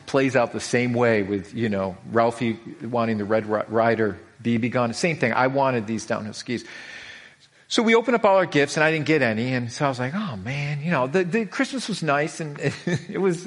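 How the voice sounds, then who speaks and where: A middle-aged man preaching a sermon as a pastor, telling stories with lots of animation, repeating himself and restarting lines. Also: medium pitch. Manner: animated storytelling, frequent repetitions and restarts.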